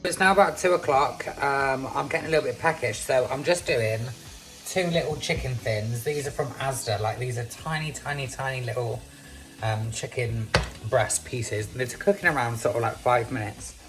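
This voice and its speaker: A man talks through his day as a casual home vlogger. He is chatty and loose, drops swear words freely, and fills his pauses with "um". Faint music plays behind him. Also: mid-range voice. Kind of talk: casual vlog chat.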